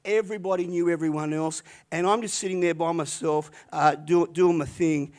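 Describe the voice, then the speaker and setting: Older pastor telling a story. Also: male voice, a little high, moderate pace. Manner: animated, chatty storytelling with many restarts. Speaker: retired pastor. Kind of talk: sermon storytelling.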